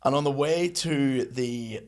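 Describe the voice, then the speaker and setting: A young man on a casual podcast spins a story with slangy, joking asides. His voice is a plain middle pitch and his delivery is conversational. He acts out what people said as he goes. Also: slow pace. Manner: chatty storyteller with slangy banter. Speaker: podcast co-host.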